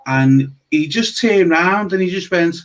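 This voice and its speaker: A man with a Scouse accent hosting a podcast in casual chat, chatty and quick to joke and laugh. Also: high-pitched. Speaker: podcast host.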